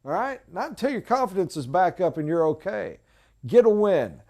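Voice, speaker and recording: A man's voice: high-pitched, big pitch swings, normal speed, darkish tone. A middle-aged man giving an emphatic, preachy motivational talk as a sales trainer in a training room.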